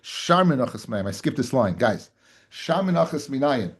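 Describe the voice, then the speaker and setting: A man's voice: medium pitch, big pitch swings, normal speed, breathy edge. A man, a rabbi teaching a daily Talmud class, who repeats phrases, fires rhetorical questions at his listeners, calls them "guys" and mixes Hebrew and Yiddish terms into his English.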